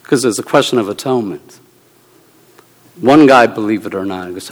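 A man who is a Presbyterian minister, giving a humorous sermon talk with animated storytelling, bursts of exclamation and laughter. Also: on the low side, normal speed. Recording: long reverb of a large hall.

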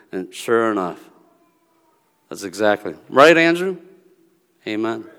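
A man preaching a sermon in a relaxed, storytelling way, acting out the dialogue of the people in his stories. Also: lowish voice, slow, pauses often, clean tone. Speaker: pastor. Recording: long reverb of a large hall.

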